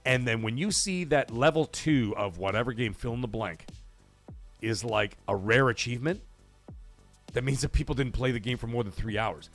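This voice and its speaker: A man hosting a live stream in casual chat, animated and quick to swear as he reads out viewer messages. His voice sits at a middling pitch. Faint music plays underneath. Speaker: livestream host.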